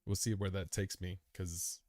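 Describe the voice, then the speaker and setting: A low-pitched, slightly mellow man's voice with little pitch movement, a bit slow, on a dry, clean studio recording. He's hosting a crypto live stream and is worn out from the long session, yet keeps casually answering viewer comments, laid-back, rambling and chummy, calling them dude.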